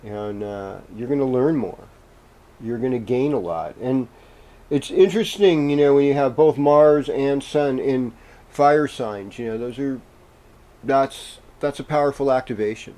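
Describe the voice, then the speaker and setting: Mellow-voiced man giving horoscopes. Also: mid-range voice. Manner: meandering and gentle, with many pauses and fillers. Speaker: astrologer host. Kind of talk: casual spoken horoscope reading.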